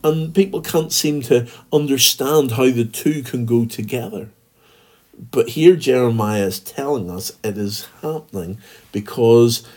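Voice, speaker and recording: Slow, earnest Northern Irish pastor. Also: male voice, medium pitch, dark tone. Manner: earnest, reads scripture aloud slowly. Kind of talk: daily devotional podcast talk.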